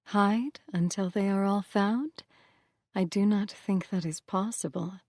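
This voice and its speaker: A woman voicing a gentle, shaken goddess who speaks softly and breathily. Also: mid-range voice, a little slow, no room sound, studio quality. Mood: hushed. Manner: soft, breathy, hushed. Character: shaken gentle goddess, soft-spoken and uneasy.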